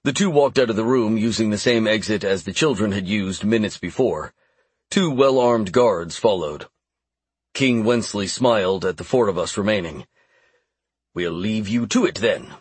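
Low husky male audiobook narrator. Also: normal speed, no room sound. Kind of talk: first-person fantasy narration.

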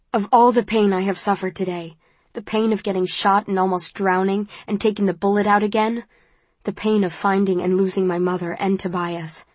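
A woman narrating an audiobook in the first person, measured and intimate. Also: medium pitch, darkish tone, dry recording.

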